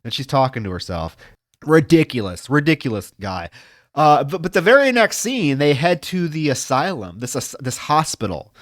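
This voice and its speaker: A man's voice: a little high, sing-song, moderate pace, no room sound, studio quality. A man on a podcast panel, casually retelling a film's plot with lots of filler words. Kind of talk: casual film discussion.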